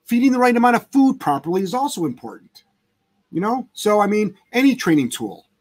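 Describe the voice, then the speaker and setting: Here the man's voice is high and sing-song, moving a little fast, as he hosts a casual dog-training livestream. He responds to viewer questions bluntly and emphatically, cursing often.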